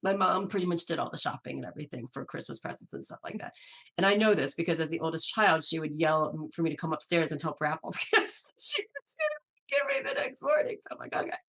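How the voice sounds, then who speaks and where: A woman chatting on a podcast, telling family stories in a lively way and laughing often. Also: sits low, fast talker. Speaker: podcast guest. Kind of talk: casual chat.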